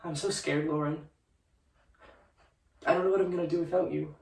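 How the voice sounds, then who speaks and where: A young man playing the tender ghost of a brother who talks softly and haltingly to his grieving sister in a student musical. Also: a little high, fairly even intonation, gravelly. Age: young adult. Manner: soft, pleading, halting. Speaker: student actor. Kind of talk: student musical theatre, spoken and sung. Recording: roomy stage sound from a distance, music behind.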